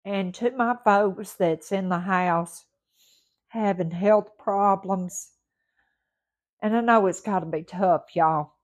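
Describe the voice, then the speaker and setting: A woman from the Mississippi Gulf Coast with a Southern accent, hosting a motivational podcast in a warm, folksy, repetitive way while recovering and a little short of breath. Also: medium pitch, slow, highs cut off. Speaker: podcast host. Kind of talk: encouraging motivational podcast talk.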